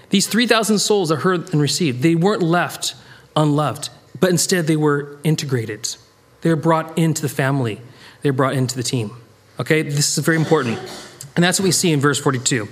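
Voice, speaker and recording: An American man leads a Bible study in a casual, rambling way, often restarting his sentences. He's animated and interrupts himself, his pitch jumping suddenly whenever he wants to stress a point.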